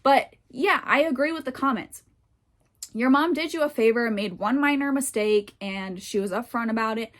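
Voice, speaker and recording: A woman's voice: on the high side, normal speed. A woman hosting a podcast in casual chat, rambling a bit with lots of fillers, a little winded and tired. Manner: chatty and rambling with frequent fillers. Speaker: podcast host. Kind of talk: casual chat reacting to online posts.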